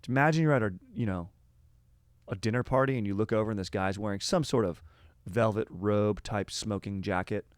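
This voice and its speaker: A man's voice: on the low side, fairly quick, dry recording, clean studio sound. A young man hosting a podcast, talking about history in a rambling, casual way. He is slangy and laid-back, says "dude" all the time and drifts off topic. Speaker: podcast host.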